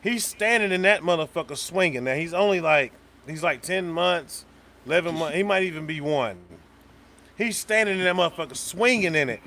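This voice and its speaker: A man's voice: fairly high pitch, lively intonation, normal speed, bright, forceful tone. A man chatting casually, rambling through profane anecdotes with restarts and filler. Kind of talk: casual chat.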